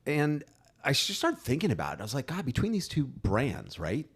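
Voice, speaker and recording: A man's voice: mid-range voice, huge pitch swings, moderate pace, husky. A man co-hosting a podcast in casual chat, rambling with many restarts. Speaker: podcast co-host; graphic designer.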